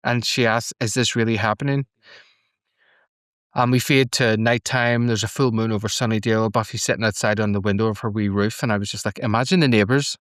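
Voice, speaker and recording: A man's voice: lowish voice, flat delivery, fast, few pauses, a bit bright, clean tone, no echo, clean studio sound. A man hosting a podcast, casually recapping an episode and swearing freely as he chats. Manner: chatty, swears freely, retells scenes with laughs. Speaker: podcast host.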